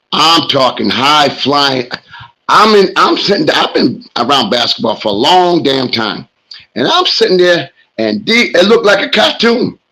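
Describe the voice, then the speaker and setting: Middle-aged New man, hoarse and gravelly, rambling sports host monologue. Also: medium pitch, sharp tone, rough recording. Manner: rambling storyteller, talks smack. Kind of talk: casual monologue.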